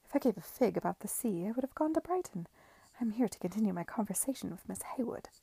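An arch, worldly society lady who brushes people off and then leans in to gossip, as a woman reading a story puts her on. The voice is warm with a gravelly edge, close and dry. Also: medium pitch, expressive, fast, no echo. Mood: dismissive. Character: flamboyant aristocratic society lady, worldly and teasing.

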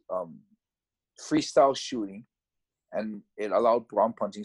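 Husky-voiced man telling an old story. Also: mid-range voice. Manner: reflective, conversational, halting retelling. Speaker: former fighter recounting his career. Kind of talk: casual storytelling.

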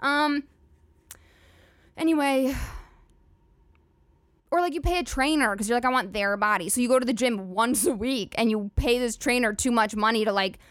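A woman's voice: on the high side, moderate pace, pauses often, no echo. A woman hosting a solo comedy podcast, rambling and swearing freely with lots of "like" fillers. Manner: profane, rambling, filler-heavy "like" talk. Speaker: podcast host.

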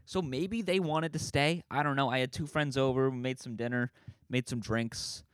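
A man's voice: medium pitch, moderate pace, smooth, no echo, clean studio sound. A man hosting a casual solo podcast, rambling and self-deprecating, swearing casually as he talks. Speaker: podcast host.

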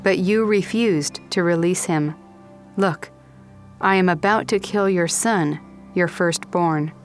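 A woman with a fairly low voice reads scripture aloud in an even, measured way. Her delivery is plain and unhurried, with faint music playing underneath. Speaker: scripture reader.

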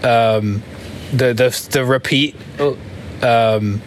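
A man's voice: mid-range voice, fairly even intonation, drawn-out words, slight background noise. Hesitant chuckling man on a podcast. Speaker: podcast co-host. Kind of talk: casual banter.

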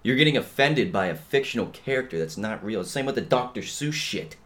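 A young man holds forth alone on his podcast in a loose, profane rant. His talk wanders and is stuffed with slang fillers. He drifts between quiet grumbling and sudden loud outbursts. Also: animated, a little fast. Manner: profane, rambling, heavy on "dude" and "bro" fillers; swings between low mutters and loud outbursts. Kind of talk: casual ranting monologue.

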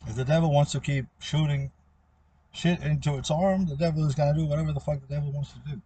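A man's voice: on the high side, steady tone, fast, warm tone, slight background noise. A man talking in a rambling, repetitive monologue that often trails off.

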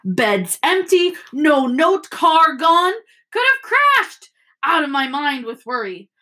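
Female reader voicing an angry plump mother; high, shrill, lively scolding. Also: slow, full character voice. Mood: furious. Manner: shrill, scolding, rising to shouts. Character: furious short plump mother scolding her sons.

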